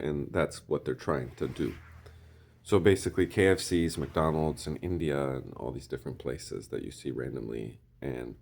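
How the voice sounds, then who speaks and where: A man rambling through a casual monologue, often clearing his throat and hesitating. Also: rumbling low, moderate pace, a little mellow.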